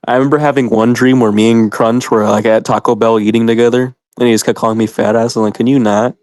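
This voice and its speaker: A man's voice: mid-range voice, little pitch movement, quick pace, darkish tone, no room sound. Man, casual chat, rambling, filler-heavy, laughs a lot, dead dry sound. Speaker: podcast host.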